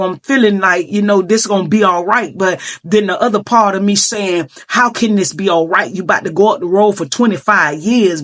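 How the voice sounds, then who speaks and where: Middle-aged woman telling her life story, earnest and emotional, lots of filler talk. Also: medium pitch. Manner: earnest, emotional, heavy use of filler phrases. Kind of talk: personal storytelling.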